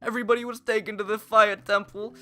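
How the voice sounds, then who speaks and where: A man voicing an eager young male Goron rock-creature boy, reading game dialogue aloud in an excited, pleading, high and loud voice. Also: fast, faint music behind.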